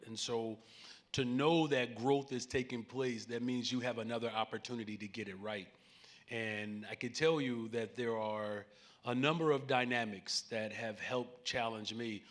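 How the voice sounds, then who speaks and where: A man's voice: medium pitch, fairly bright tone. Earnest Chicago man on a stage. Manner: earnest, preacherly, joking with the audience. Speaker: mayor speaking on a panel. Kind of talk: conference stage conversation. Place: conference main stage before a live audience.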